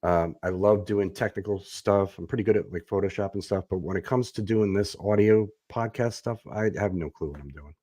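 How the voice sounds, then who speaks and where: Low-voiced self-deprecating podcast host man. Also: brisk, hardly any pauses, mellow, no echo, clean studio sound. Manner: self-deprecating, rambling with fillers. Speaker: bass player. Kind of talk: casual chat. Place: echoey home room. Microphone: desk USB microphone.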